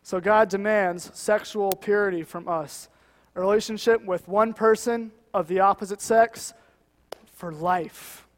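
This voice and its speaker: A man's voice: high-pitched, fairly even intonation, measured pace, long reverb tail. A man preaching a sermon in an earnest, conversational way, with many "you know" asides. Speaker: guest preacher.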